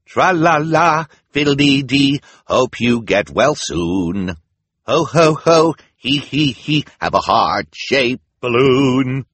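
A man singing the song of a chorus of cheerful hospital volunteers in a loud, slow, sing-song voice, for an audiobook. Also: medium pitch, animated, husky, no echo, pitched above the performer's own voice, heavily acted. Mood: chirpy singing.

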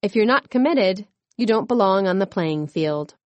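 A woman voicing a loud, commanding female gym coach in a storybook reading. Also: medium pitch, animated, moderate pace, dry recording, natural voice. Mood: stern.

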